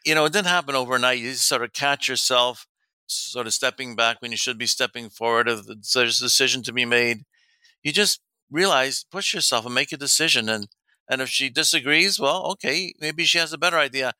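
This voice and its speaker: In brisk, casual talk, a middle-aged man coaching men on dating shares stories, acting out quoted dialogue and frequently laughing. His mid-range voice is clear and resonant, with no echo.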